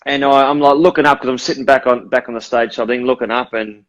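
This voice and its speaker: An Australian man in his forties, a guest on a live chat, telling a story in a relaxed, easygoing way over a phone. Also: mid-range voice, quick pace. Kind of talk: casual chat on a live stream. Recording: dull phone audio.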